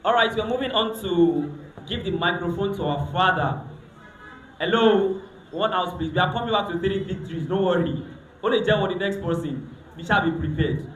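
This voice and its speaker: A Nigerian man hosting an event on a handheld mic, teasing the crowd in lively banter that mixes pidgin and Yoruba. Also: high-pitched, moderate pace, slight background noise. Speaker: event host, master of ceremonies. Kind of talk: lively emcee banter with audience. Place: event hall. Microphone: handheld microphone. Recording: echoey event hall.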